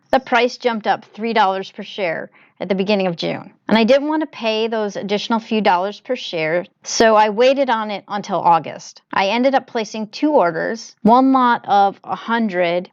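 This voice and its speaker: Smooth-voiced woman walking through her investments. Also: mid-range voice, no echo, muffled recording. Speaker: investing channel host. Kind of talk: screen-capture walkthrough narration. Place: home desk, voice recorded on laptop.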